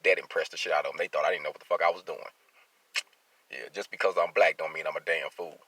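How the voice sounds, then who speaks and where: A man's voice: very deep voice, steady tone, quick pace, pushed and bright, husky. An angry man venting in a vlog, talking bluntly and profanely about his work as a traveling field welder. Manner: blunt, profane, heated street talk.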